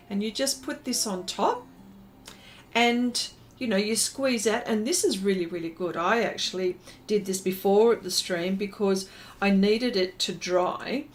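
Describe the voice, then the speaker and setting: A woman hosting a casual art livestream, chatting in a rambling way with many fillers and greeting viewers by name. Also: on the high side.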